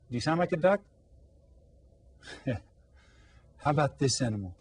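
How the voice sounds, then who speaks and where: A man's voice: medium pitch, expressive, unhurried, slightly rough. A man teaching a playful children's Spanish lesson, coaxing the kids with questions and mimicking animal sounds.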